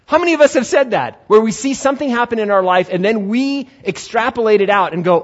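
A male pastor gives an animated sermon and acts out the people he quotes. His voice sits fairly high for a man. The recording sounds dull and lo-fi. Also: fast.

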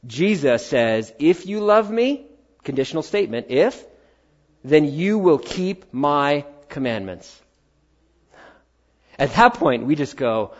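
A man preaching a sermon as a pastor, acting out quoted voices and dropping to quiet emphasis. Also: a little high, animated, a little slow, pauses often, dull audio.

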